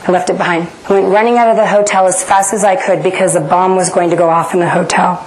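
A woman's voice: on the low side, fairly even intonation, fast, rough recording. A middle-aged woman from the United States, giving a personal testimony in an earnest, dramatic storytelling manner. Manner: earnest, dramatic retelling that acts out inner voices.

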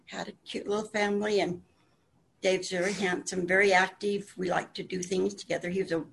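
A woman's voice: fairly low pitch, creaky, slightly rough. A woman from Wyoming telling a personal story in a homespun way, acting out the quoted dialogue as she goes.

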